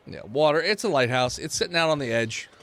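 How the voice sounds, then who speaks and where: A man's voice: fairly high pitch, animated, a little fast, a bit bright. A man running a tabletop game as game master, narrating casually and laughing along with his players.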